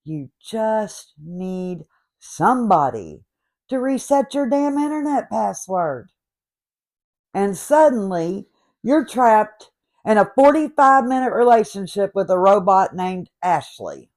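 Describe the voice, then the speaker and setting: A woman's voice: medium pitch, sing-song, takes it slowly, a little mellow. Sarcastic woman in her fifties ranting. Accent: noticeable regional accent. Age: 50s. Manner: sarcastic, exasperated storytelling. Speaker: host. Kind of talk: comedic rant monologue.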